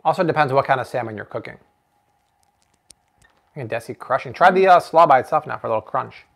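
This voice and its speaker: A man hosting a casual cooking livestream from a home kitchen, upbeat and quick to laugh, reading out donations. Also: medium pitch, lively intonation, vocal fry, a bit bright. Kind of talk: casual live cooking chat.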